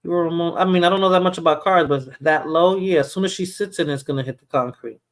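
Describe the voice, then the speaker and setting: A woman's voice: lowish voice, quick pace. Casual woman livestream host. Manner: chatty, laughing, conversational. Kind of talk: casual chat reacting to a clip.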